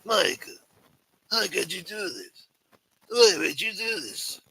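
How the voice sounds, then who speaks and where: A rambling, sentimental mob elder, as a man puts him on, pleading in a raised, bright voice. He wanders from point to point, full of old-world nostalgia. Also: animated, slow, vocal fry, breathy edge, heavily acted, poor audio. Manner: higher-pitched, rambling and wheedling.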